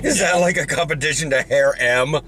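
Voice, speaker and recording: A man chatting casually in a car, joking with quick asides. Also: a little high, a bit bright, slight background noise. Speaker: vlogger, football player. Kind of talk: casual chat.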